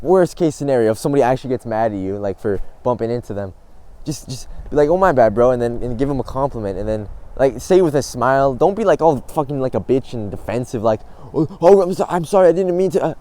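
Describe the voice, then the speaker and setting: A man's voice: medium pitch, dark tone. A young man giving casual self-improvement advice, blunt and swearing often, laughing at himself now and then.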